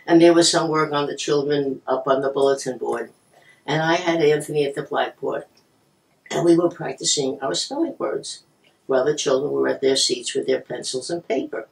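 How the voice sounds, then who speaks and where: A woman's voice: deep voice, normal speed, vocal fry, recorded from a distance. An older woman telling a classroom joke as stand-up, acting out voices with stretched, emphatic words. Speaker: retired teacher telling a joke. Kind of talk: stand-up storytelling.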